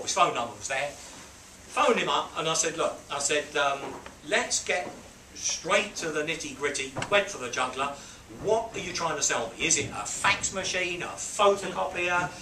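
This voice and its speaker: A man's voice: sits high, normal speed, bright, forceful tone, a little hiss or hum. A man telling a story to a small group, acting out voices and beeping sounds. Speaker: speaker mentoring a group. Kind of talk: storytelling talk to a small audience. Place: on a boat, roomy space. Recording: roomy, mic at a distance, faint ambience.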